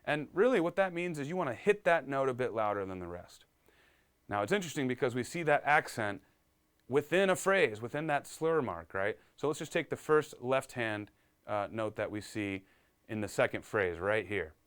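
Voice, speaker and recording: A man's voice: medium pitch, lively intonation, moderate pace, a bit bright, smooth. Upbeat man teaching piano live. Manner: upbeat, reads viewer comments aloud. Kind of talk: live-streamed piano lesson.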